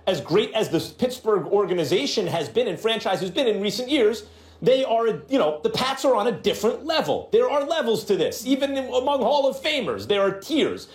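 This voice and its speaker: A man makes assertive points in a sports debate, his voice fairly high for a man. The room adds a noticeable echo. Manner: assertive, argumentative.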